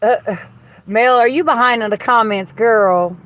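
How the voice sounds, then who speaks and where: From inside a car, a woman runs a casual phone livestream in a fairly high, fairly bright voice, talking a little slowly. She reads viewer comments, gossips, swears freely and speaks bluntly. There's no echo.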